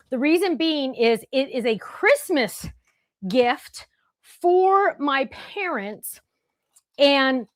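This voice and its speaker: A woman's voice: high voice, no room sound, studio quality. A woman hosting a live craft show, talking in a chatty, rambling way full of asides. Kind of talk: casual livestream chat.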